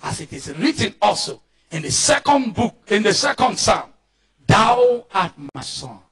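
A Nigerian pastor preaching a fervent sermon, often shouting and calling on the congregation to answer back. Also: male voice, sits high, very animated, unhurried.

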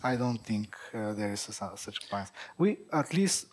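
A man answering audience questions at a tech conference, halting, with many fillers and restarts, a native Bulgarian speaker. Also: lowish voice, sing-song.

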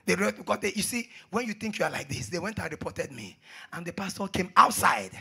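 Raspy, gravelly male preacher with faint music. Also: high voice, sing-song, fast talker. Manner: swings between hushed asides and shouted exhortations; repeats phrases for emphasis. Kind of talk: sermon.

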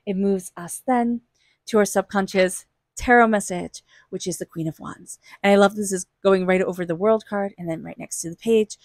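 A woman's voice: fairly low pitch, darkish tone, no echo, clean studio sound. A woman giving a casual tarot reading, chatty and reassuring, laughing often and speaking straight to the listener. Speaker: tarot reader.

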